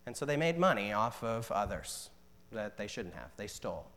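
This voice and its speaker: A man preaching a sermon as pastor, earnest, slowing down to stress scripture lines. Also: lowish voice, big pitch swings, fairly bright tone.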